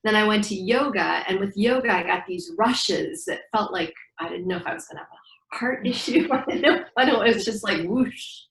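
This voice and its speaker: Brief: middle-aged woman breathwork teacher, lively storyteller, recorded in a reverberant room. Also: mid-range voice, brisk. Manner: animated storyteller acting out dialogue. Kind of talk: guiding breathing exercises in an interview. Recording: echoey room.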